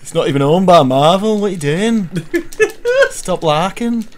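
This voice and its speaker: A man's voice: sits high, lively intonation, unhurried. A man hosting a casual gaming commentary, joking and swearing through rambling banter. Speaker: host.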